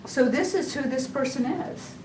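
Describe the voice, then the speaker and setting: A woman's voice: sits high, normal speed. A woman giving a casual testimony at a church women's session, chatty and full of restarts. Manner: chatty, stumbling restarts, laughs often. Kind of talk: informal testimony talk. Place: church hall. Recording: echoey room, mic far off, noisy.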